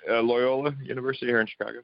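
A man guesting on a podcast, giving brief low-key answers in casual chat. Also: little pitch movement, rapid-fire, vocal fry, muffled recording. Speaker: podcast guest, humor columnist.

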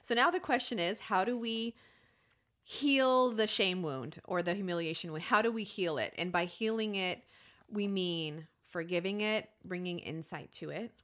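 A woman in her thirties with a medium-pitched voice hosts a podcast at a moderate pace. She talks candidly and animatedly about her own life in a confessional, conversational style, acting out her inner voices as she tells her stories.

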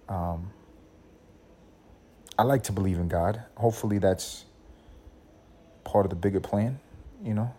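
A man's voice: on the low side, dark tone, husky. A man hosting a solo podcast, ranting in a profane, rambling way, laughing at his own points and slipping into mock voices. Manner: mock voices for quoted people. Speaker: podcast host.

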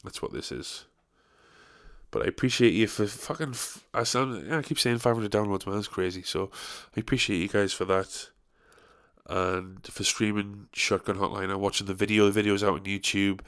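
A man's voice: lowish voice, little pitch movement, brisk, fairly bright tone, clear, resonant tone. A young man, tired, chatting on his solo podcast in a rambling, sweary, self-deprecating way. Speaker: podcast host. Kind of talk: casual solo podcast chat.

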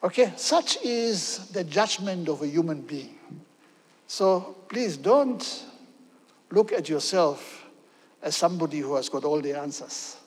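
A man preaches emphatically, with a fairly high voice. He keeps checking in with his listeners. The sound rings with a long hall reverb. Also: lively intonation, unhurried, breathy edge. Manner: emphatic, often checks in with "okay?". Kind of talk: sermon.

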